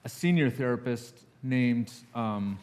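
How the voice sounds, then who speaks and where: A man's voice: mid-range voice, slow pace, darkish tone. Nervous man giving a candid sermon. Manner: candid, confessional, acts out quoted voices. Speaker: guest speaker. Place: church sanctuary.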